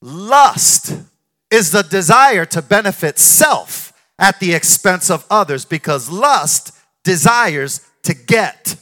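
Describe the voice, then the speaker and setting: A man's voice: high-pitched, expressive, takes it slowly, bright, forceful tone. A man preaching a sermon as pastor, emphatic and repeating his phrases in call-and-response style.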